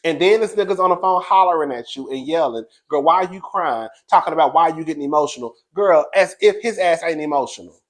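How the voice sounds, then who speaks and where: A man's voice: fairly high pitch, expressive, fast talker, few pauses. A man hosting a reality TV recap, talking in a brash, sassy, profane way and laughing often as he gossips. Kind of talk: casual gossip commentary.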